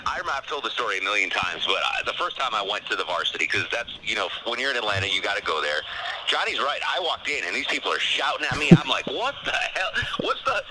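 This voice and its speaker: A man hosting a radio show, telling a story in an animated, casual way. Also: lowish voice, fast, background noise.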